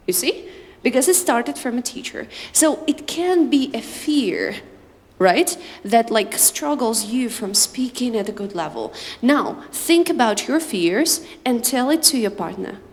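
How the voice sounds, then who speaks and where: A young woman from Uzbekistan teaching an English speaking class, talking to her students in a lively, animated way. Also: fairly high pitch, measured pace. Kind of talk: classroom instruction and anecdote. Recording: reverberant room, faint background noise.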